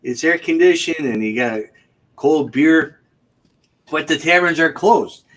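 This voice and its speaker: Guy on a casual talk show, dry rambling, slightly high voice. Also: animated, a little slow, a bit bright. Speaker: co-host. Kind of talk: casual comedic chat.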